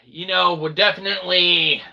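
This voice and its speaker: A man hosting his own vlog, chatting casually and rambling, joking and breaking into loud exclamations. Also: high-pitched, moderate pace, gravelly, noisy background. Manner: animated, jokey, bursts of loud exclaiming. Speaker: independent developer and channel host.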